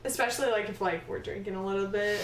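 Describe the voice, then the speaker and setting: A woman's voice: medium pitch, steady tone, fast. A woman co-hosting a podcast in casual chat, filling her talk with "like". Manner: chatty, says "like" a lot. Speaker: podcast co-host. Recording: echoey room, distant mic, faint noise.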